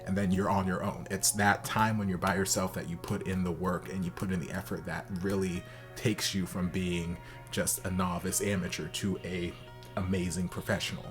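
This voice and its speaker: A young man hosting a reaction video, talking casually with sassy, expressive asides. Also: low voice.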